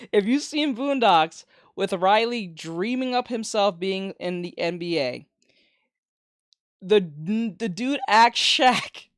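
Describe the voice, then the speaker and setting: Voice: medium pitch, lively intonation, slow pace, clear, resonant tone, no echo, studio quality. An art streamer chatting casually while drawing, rambling and swearing with many restarts.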